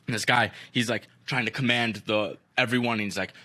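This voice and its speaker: A man with a low, bright and forceful voice talks loosely through a story on a podcast. He swears freely, leans on "like" and acts out what people said. The delivery is relaxed, casual chat. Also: normal speed, few pauses. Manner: loose and profane, heavy use of "like", acts out quotes. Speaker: podcast co-host.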